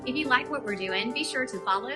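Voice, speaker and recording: A woman's voice: on the high side, fast. A woman reading an upbeat, polished promotional outro for the show. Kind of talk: scripted promo read. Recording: loud music bed under voice.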